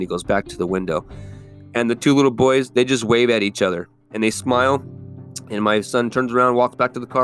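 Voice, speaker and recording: A man with a fairly low voice hosts a solo podcast, rambling along in a loose, conversational way. He swears freely and fills his sentences with "um" and "you know." Faint music plays behind him. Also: fairly bright tone. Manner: rambling, profane, conversational, with frequent fillers. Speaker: podcast host. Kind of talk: casual solo podcast monologue. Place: California.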